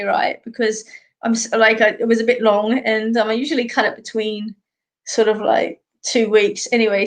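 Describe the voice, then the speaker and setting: Middle-aged aussie woman rambling on a live stream, laughs a lot, voice on the high side. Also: fairly bright tone. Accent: Australian. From Australia. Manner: chatty and rambling, laughing often. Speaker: host. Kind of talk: casual live-stream chat with viewers.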